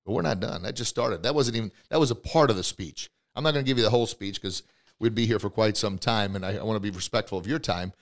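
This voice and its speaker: Excited male motivational podcast host. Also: fairly low pitch, quick pace. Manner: excited, coaching the listener directly.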